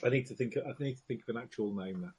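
A man's voice: mid-range voice, racing, a little mellow, husky. A man chatting as a player in a tabletop game, dry and a little hesitant. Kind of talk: casual tabletop game chat.

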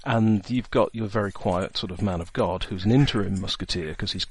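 A man's voice: on the low side, brisk, husky, dry recording. Rambling man running a tabletop game. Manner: rambling, chatty, full of fillers and asides. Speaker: game master. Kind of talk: casual chat, setting up a tabletop game.

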